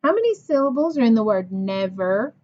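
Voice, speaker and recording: A woman teacher leading a phonics lesson for young children. She talks slowly and patiently, sounding out words and praising each answer. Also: a little high, big pitch swings, darkish tone. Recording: dull lo-fi recording.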